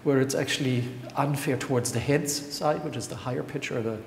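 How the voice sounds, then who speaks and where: A man giving a live talk to an audience, chatty and quick to laugh. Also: medium pitch, gravelly. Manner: chatty, laughs easily, counts aloud. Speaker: scientist presenter. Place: lecture hall. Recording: echoey hall with faint noise.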